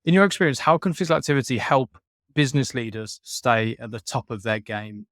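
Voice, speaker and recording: Male host, mid-range voice, relaxed polite questioner, dry close recording. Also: mid-range voice, a little fast, dry recording. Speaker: podcast host. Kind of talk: interviewer asking questions.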